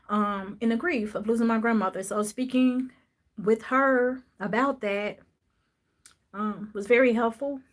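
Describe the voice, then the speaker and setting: A woman telling a personal story in a soft, reflective voice, pausing often with fillers. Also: fairly high pitch. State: emotional, voice dropping low at times. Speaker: podcast host sharing a personal story.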